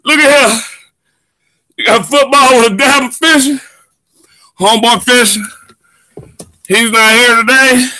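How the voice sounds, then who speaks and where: A man hosting a live football show, loud and hyped, often shouting and stretching his words. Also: very high-pitched, fairly even intonation, measured pace, long pauses, no echo. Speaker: host. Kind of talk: excited live sports show chat.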